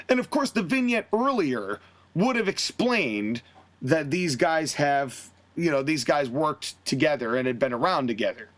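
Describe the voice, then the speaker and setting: This man hosts a podcast, speaking at a moderate pace in a fairly high, expressive voice. In a casual recap of a fantasy wrestling storyline, he animatedly performs the characters' lines, switching voices as he goes.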